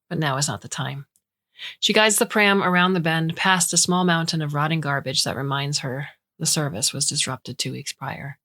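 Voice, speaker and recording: A woman narrating a short science fiction story in a measured, even reading. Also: low-pitched.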